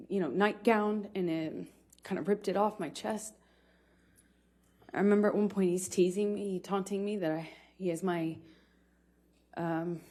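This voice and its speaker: A woman giving courtroom testimony from a witness stand, speaking haltingly with many fillers and restarts. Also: medium pitch, mellow.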